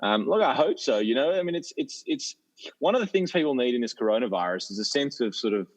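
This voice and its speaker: An Australian man, a politician guest on a casual podcast, speaking in a measured way with frequent restarts and fillers. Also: medium pitch, expressive. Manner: measured, hesitant with many restarts. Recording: dull lo-fi phone line.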